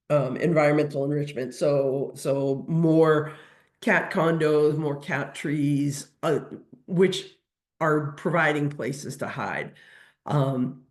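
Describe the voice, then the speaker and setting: A woman who works as a veterinary nutrition technician, answering audience questions in a webinar, hesitant with many fillers and restarts. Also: sits low.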